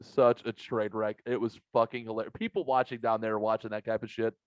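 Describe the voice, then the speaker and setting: A man's voice: on the low side, fairly quick, smooth, dry recording, dull audio. Foul-mouthed podcast host man. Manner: profane, animated storyteller. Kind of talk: casual podcast chat.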